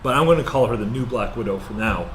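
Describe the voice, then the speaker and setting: A man co-hosting a casual movie review chat, rambling and hesitant with lots of fillers, then growing animated. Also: medium pitch, fast talker, a little hiss or hum. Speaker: podcast co-host.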